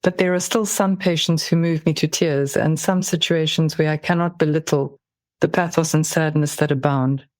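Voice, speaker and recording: Podcast host, soft probing questions, reads a bit out loud, mid pitch, dry sound. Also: fairly even intonation, normal speed, no room sound. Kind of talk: interview questions and reading aloud.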